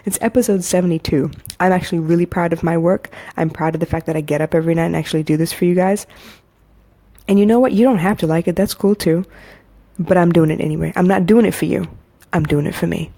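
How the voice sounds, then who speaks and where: A woman with a low, mellow and soothing voice talks straight to listeners in a casual motivational monologue. She is candid and repeats herself, then builds to emphatic urging, like a coach hosting her own podcast. She records on a phone. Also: fairly even intonation, fast, vocal fry.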